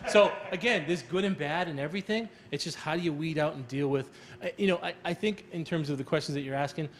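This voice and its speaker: A man's voice: on the high side, fast talker, a little hiss or hum. A middle-aged man, a school counselor, talking casually on a panel, rambling and repeating words as he reassures parents.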